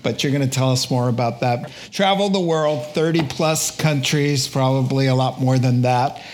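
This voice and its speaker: Male pastor, speaker introduction, mid-pitched, measured delivery. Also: darkish tone.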